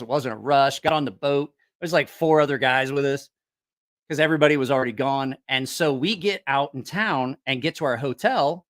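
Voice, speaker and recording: Profane, rambling male storyteller. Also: on the high side. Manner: rambling, profane, animated, with frequent restarts. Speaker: host of a knife-sales channel. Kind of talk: casual storytelling.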